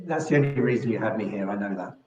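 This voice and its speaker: A man's voice: fairly low pitch, fast, darkish tone, lo-fi sound. London man, echoey room. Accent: London English. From London, England. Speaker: guest. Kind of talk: conversational interview.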